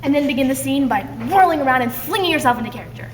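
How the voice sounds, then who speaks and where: A young woman performing a scripted comedic duet, giving mock instructions in a dry, deadpan way. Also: high voice, racing. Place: classroom. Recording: echoey room, distant mic, faint noise.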